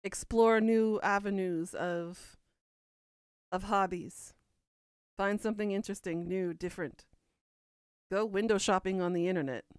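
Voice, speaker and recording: A woman from Kentucky with a Southern accent hosts a relaxed podcast, talking through viewer comments in a rambling, chatty way. Her voice is smooth and clear at a middling pitch. The recording is dry and close, with no room sound. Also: unhurried, pauses often, dry recording. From Kentucky, USA. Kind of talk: casual chat.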